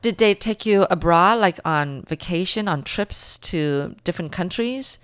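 A woman's voice: on the low side, expressive, unhurried, clear, resonant tone, dry recording, studio quality. A woman hosting a radio interview, asking questions and laughing along with her guest. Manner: warm-up questions, frequent laughs and backchannels. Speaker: radio show host.

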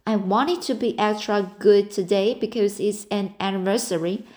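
A woman's voice: mid-range voice, normal speed, darkish tone, lightly acted. A woman reading the part of a dreamy, talkative orphan girl in an audiobook, in an earnest, romantic and breathless manner.

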